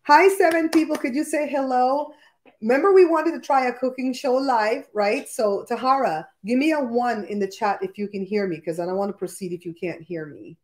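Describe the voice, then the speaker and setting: A woman's voice: a little high, normal speed, a little mellow. A chatty woman hosts a live cooking stream from her home kitchen, talking into a laptop microphone. She keeps an upbeat, friendly flow, greeting viewers by name as she goes. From Belize. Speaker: cooking show host.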